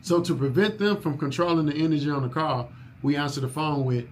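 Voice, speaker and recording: Here a business owner coaches new staff through orientation, restating the essentials and checking for understanding. His voice is a little high and a little quick, and there's a touch of background noise.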